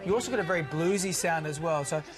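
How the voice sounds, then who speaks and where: Fast-talking woman host. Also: sits low, over music. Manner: chatty, quick questions. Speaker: radio co-host. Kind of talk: casual interview chat.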